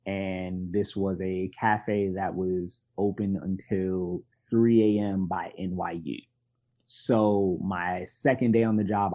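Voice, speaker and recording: A man, a podcast guest telling stories in a candid, animated, self-deprecating way. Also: deep voice. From Brooklyn, New York. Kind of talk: conversational storytelling.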